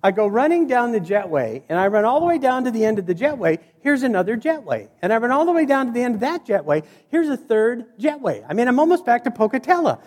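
Man, stand-up comic, high voice, animated storytelling, long hall reverb. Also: fast talker, few pauses. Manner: animated, acts out voices and scenes. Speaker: stand-up comedian.

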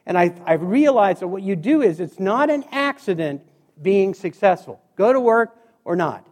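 A man from Montana with a high voice delivers a joking motivational speech to a live crowd. He is middle-aged and tells stories with sound effects and quick asides. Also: big pitch swings, a little mellow. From Montana, USA. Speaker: motivational speaker. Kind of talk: humorous keynote speech. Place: stage before a live audience.

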